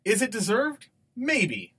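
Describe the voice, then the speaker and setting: Guy on a podcast going off on tangents, lively and chatty. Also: high voice, takes it slowly, slightly rough. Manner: animated, digressive storytelling. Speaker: podcast co-host. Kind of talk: conversational podcast discussion.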